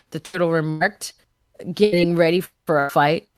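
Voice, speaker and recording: A woman's voice: lowish voice, moderate pace, clear, resonant tone, dry recording. A woman hosting a comedy podcast, reading fan fiction aloud with playful asides. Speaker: podcast host.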